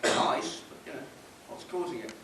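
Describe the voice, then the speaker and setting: A man giving an informal public talk, conversational and wry, wandering off on asides. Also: normal speed. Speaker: public speaker. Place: meeting hall. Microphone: distant room mic. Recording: roomy hall, distant mic, faint hiss.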